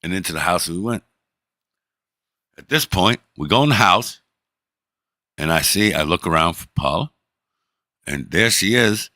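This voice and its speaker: A middle-aged man streaming, telling a story in a profane, animated way and acting out the people in it. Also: low-pitched, a little slow, long pauses, no echo, studio quality. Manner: profane, animated, acts out the people in his stories. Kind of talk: casual storytelling.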